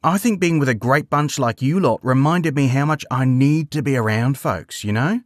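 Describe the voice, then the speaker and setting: A man's voice: mid-range voice, normal speed, no room sound, clean studio sound, close to an everyday voice. A man doing an easygoing kangaroo. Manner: laid-back, says "mate". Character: friendly male kangaroo, easygoing and blunt.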